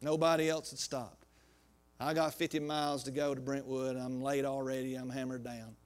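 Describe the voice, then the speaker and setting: A man preaching a sermon, telling a personal story in a folksy way and acting out the dialogue, swinging from loud to quiet. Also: medium pitch, little pitch movement, normal speed.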